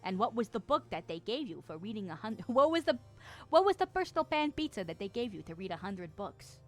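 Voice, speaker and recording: Giggly, excitable young woman streamer. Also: medium pitch, fairly quick, soft background music. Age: 20s. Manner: giggly and excitable, reading chat aloud. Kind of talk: casual live-stream chat.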